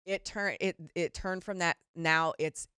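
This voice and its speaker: Mom podcast cohost, kinda low voice, rambly and animated, swears a bit, dry mic. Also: female voice, measured pace, smooth, no room sound. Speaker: podcast co-host. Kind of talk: casual chat.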